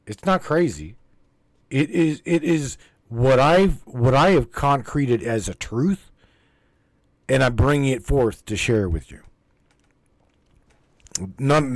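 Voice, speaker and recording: A man's voice: on the high side, no room sound. Emphatic rambling man hosting a livestream. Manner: rambling, repetitive, emphatic, swears freely. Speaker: host of a spiritual livestream broadcast. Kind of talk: casual spiritual talk to a live chat.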